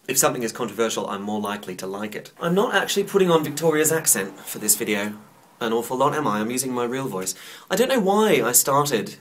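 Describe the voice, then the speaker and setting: A young man talks straight to the camera in a loose, rambling vlog. His voice sits a little low, and he is chatty, playful and quick to poke fun at himself. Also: fairly bright tone. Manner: chatty, playful, self-mocking. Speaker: vlogger. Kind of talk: casual rambling monologue to camera.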